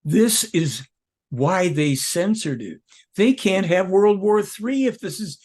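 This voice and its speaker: A man's voice: high voice, expressive, slow, a little mellow. A man speaking as an interview guest, rambling and emphatic, jumping from point to point. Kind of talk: casual interview talk.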